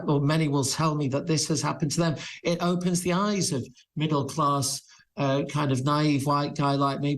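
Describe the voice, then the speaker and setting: A man appearing as a criminal lawyer guest on a TV talk show, arguing his point in an earnest, measured way. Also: on the high side. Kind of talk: TV studio debate.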